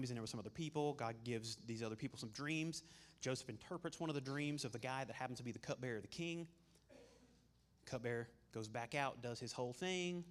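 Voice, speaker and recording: A man giving a sermon in a relaxed, conversational way, voicing characters in quick asides. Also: mid-range voice. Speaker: preacher.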